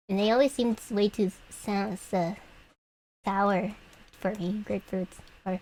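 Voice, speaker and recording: A woman's voice: medium pitch, steady tone, measured pace, darkish tone, slight background noise, rough recording. A young adult woman streamer chatting idly while she draws, giggling often and trailing off into fillers. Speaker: vtuber streamer. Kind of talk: rambling livestream chat while drawing.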